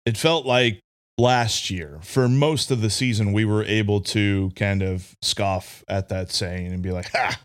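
A man's voice: fairly low pitch, measured pace. Chatty man talking baseball. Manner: chatty, joking, trails off and restarts. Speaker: sports podcast co-host. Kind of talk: casual sports talk.

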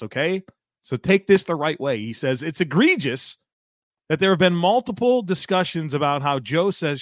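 A man's voice: on the high side, no echo, studio quality. A man co-hosting a football podcast, reading listener takes aloud and teasing his co-host in casual chat.

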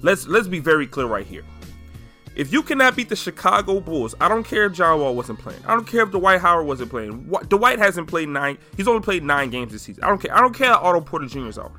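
A man in his twenties hosting a solo sports podcast, talking emphatically and hammering his points home with repetition. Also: high-pitched. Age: 20s. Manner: emphatic, animated, repeating points for effect. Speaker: podcast host.

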